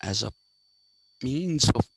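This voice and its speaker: Slow, gravelly male lecturer. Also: mid-range voice, animated, a bit bright, no room sound, low-quality recording. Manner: explanatory, repeats points, checks in with "okay". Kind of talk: classroom lecture.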